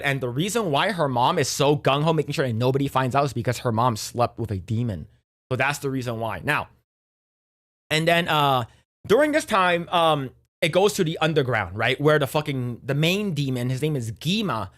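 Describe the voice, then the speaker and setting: A young man with a slightly high voice casually recaps a movie for his stream. He rambles, stumbles through restarts and fillers, and slips into quick impressions of the characters. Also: animated, a bit bright. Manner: rambling, many fillers and restarts, acts out quotes. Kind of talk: casual retelling of a movie plot.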